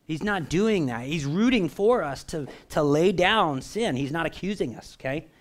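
A man preaching a sermon in a relaxed, conversational way, often checking in with the congregation. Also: a little high, moderate pace. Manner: animated, conversational, asks the crowd for response. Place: church.

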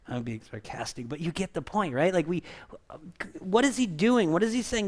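A man preaching a conversational sermon, animated and full of asides, then leading a prayer. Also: high voice, moderate pace, pauses often. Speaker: pastor.

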